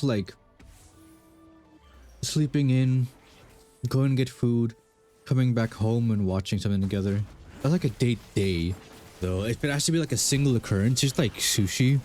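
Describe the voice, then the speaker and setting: A man's voice: mid-range voice, darkish tone. A young man streaming a game, casually rambling through questions with lots of fillers and self-deprecating asides. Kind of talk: casual chat while gaming.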